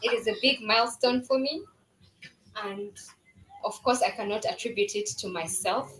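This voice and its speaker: A woman in her twenties with a mid-range voice speaks at a moderate pace, giving an earnest launch speech for her new business full of fillers and restarts. The recording is very noisy, made in a roomy event venue with music and a crowd behind her.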